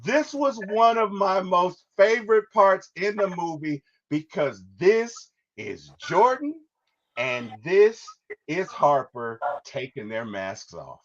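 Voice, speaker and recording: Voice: medium pitch, sing-song, slow, lo-fi sound. A podcast host reviewing a movie, enthusiastic, laughing often and trailing off in restarts.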